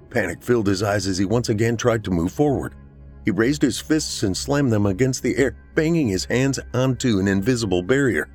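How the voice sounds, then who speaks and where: A man with a low voice reads a horror tale in a measured, dramatic way. Faint music plays beneath his narration. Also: a little mellow. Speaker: podcast narrator.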